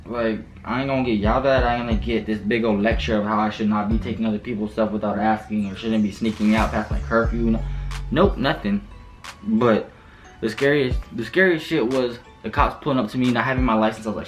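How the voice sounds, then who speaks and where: A young man casually telling a story on his vlog, animated and slangy, swearing freely. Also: on the low side. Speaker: vlogger.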